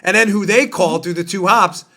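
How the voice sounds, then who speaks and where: A man's voice: sits high, fairly quick, bright, forceful tone. A man hosting a political podcast, talking in an emphatic, indignant way with lots of rhetorical questions. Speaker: podcast host. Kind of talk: political commentary monologue.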